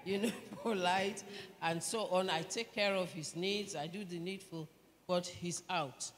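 A middle-aged woman with a Nigerian accent, gently telling her own story as a church panelist. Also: lowish voice, unhurried. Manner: gentle, reflective storytelling with laughter. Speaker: pastor's wife, panelist. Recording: reverberant church hall, faint ambience.

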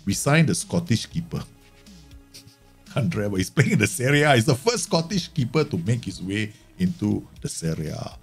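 A man streaming a football management game, chatting casually and joking, swearing now and then, and breaking into loud mock match commentary. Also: fairly low pitch, moderate pace, breathy edge, soft background music. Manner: excitable, jokey, swears, bursts into mock match-commentator shouts.

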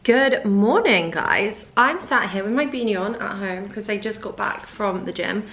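A young woman talks straight to the camera in a casual vlog, her pitch sitting in an ordinary middle range. She chats at home and gushes freely, with "like" scattered through nearly every sentence. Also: normal speed, over a noisy crowd. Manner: chatty, says "like" often, gushing. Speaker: fashion vlogger. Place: at home indoors.

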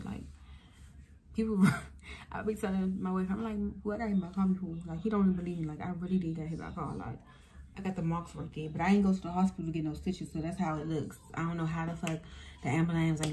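A young woman tells a personal story in a casual vlog, talking straight to her viewers. Her voice sits a little low, and she is animated and swears freely. A faint hum of ambience runs under the recording. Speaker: vlogger.

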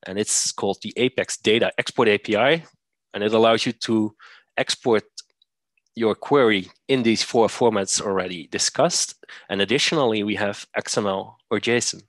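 A man presenting a software demo, walking through steps methodically with occasional fillers. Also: lowish voice, moderate pace, no room sound. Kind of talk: screen-share software demo.

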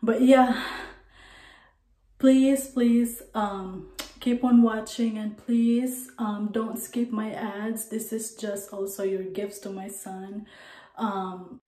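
A woman's voice: medium pitch, steady tone, takes it slowly, warm tone. A woman from the Philippines with a Filipino accent and a Cebuano background, chatting casually in a home vlog and repeating words for emphasis. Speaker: family vlogger. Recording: echoey room with music behind.

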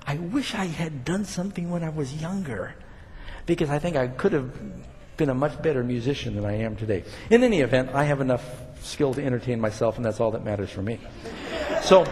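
A man's voice: a little high, big-room sound, a little hiss or hum. An older man preaching a sermon, talking casually to the congregation and building up emphatic points. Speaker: pastor.

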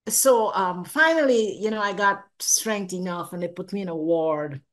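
She's an older woman with a lowish voice, speaking at a moderate pace as an interview guest. Recounting a near-death experience, she tells it with animation, acting out her past thoughts, laughing often and repeating words.

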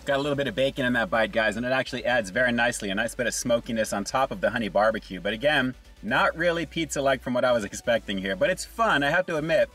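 A man's voice: medium pitch, fast, hardly any pauses, a bit bright, faint music behind, poor audio. A man hosting a casual food review, upbeat and chatty, talking to viewers between bites. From Southern California.

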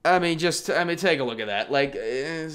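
A man with a slightly higher-pitched voice talks straight to camera in a loose, rambling way. He sounds exasperated, stumbling over restarts and dropping into mock quotes. His delivery is casual commentary rather than anything scripted. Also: lively intonation, normal speed, fairly bright tone, smooth. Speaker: movie reviewer. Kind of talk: casual ranked-list commentary.

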